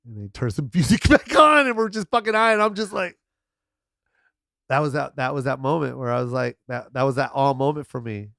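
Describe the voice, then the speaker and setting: A man's voice: medium pitch, lively intonation, a little fast, creaky, sharp tone, no echo, clean studio sound. A middle-aged man on a podcast as guest comedian, telling stories animatedly, acting out quotes and swearing freely. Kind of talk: casual podcast chat.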